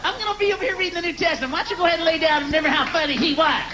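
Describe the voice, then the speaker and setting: A woman's voice: very high voice, very fast, a crowd in the background, pitched above the performer's own voice. A comedian playing a sulking wife who sarcastically needles her husband about his laughing. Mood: mocking. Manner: sarcastic, taunting. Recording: noisy archival TV broadcast.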